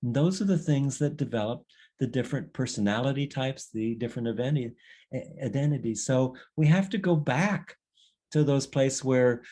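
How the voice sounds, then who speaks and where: A man's voice: mid-range voice, darkish tone. A man leading a workshop session in a reflective, conversational teaching style, meandering and often restarting his sentences. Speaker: workshop leader.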